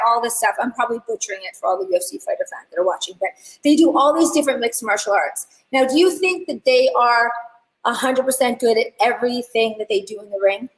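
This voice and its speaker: A woman teaching a live online hair class, chatty and animated, talking straight to her viewers. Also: sits high, roomy sound, rough recording. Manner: chatty, animated storyteller addressing chat. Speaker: hair educator.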